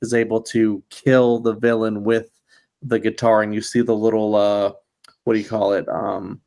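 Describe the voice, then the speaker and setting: A man's voice: on the low side, level tone, moderate pace, creaky, a little mellow. A man co-hosting a casual film podcast, rambling and hesitant, his talk full of fillers and restarts. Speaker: podcast co-host.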